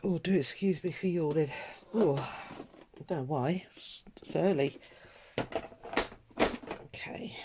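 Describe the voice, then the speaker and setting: This crafting vlogger talks in a relaxed, meandering way, cutting herself off and restarting with frequent ums. She has a fairly low, warm voice, and there's a little hiss or hum in the background.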